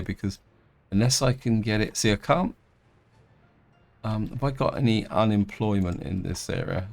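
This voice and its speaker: A slow-speaking English let's-player with a low voice and some vocal fry gives casual gameplay commentary. He thinks aloud hesitantly, frequently restarting what he's saying.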